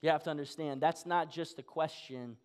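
A man's voice: a little high, fairly even intonation, normal speed, clear, resonant tone. A young adult man giving a sermon as a guest speaker, telling a Bible story and acting out its dialogue.

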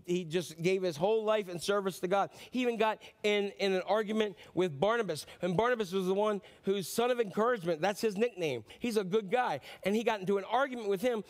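A man preaching a sermon, earnest and pleading, swinging between loud emphasis and quiet low passages. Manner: earnest, pleading, rises and drops sharply for emphasis. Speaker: pastor.

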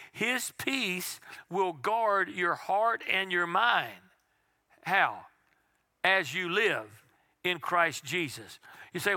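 A man's voice: sits high, creaky, pushed and bright, no echo, studio quality. A man preaching a conversational, folksy sermon as pastor, asking his listeners rhetorical questions. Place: church sanctuary.

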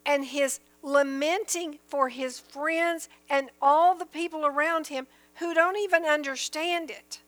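A woman's voice: sits high, steady tone, measured pace, hardly any pauses, fairly bright tone. A woman teaching from the Bible in an earnest, emphatic sermon style, reading verses aloud and explaining them.

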